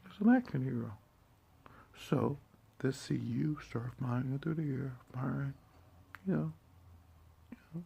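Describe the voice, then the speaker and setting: A man delivering a profane, confrontational monologue in streetwise slang. He swings between hushed muttering and sudden loud outbursts. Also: mid-range voice, expressive, a little slow, vocal fry, pauses often, a little hiss or hum. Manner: streetwise slang, heavy swearing.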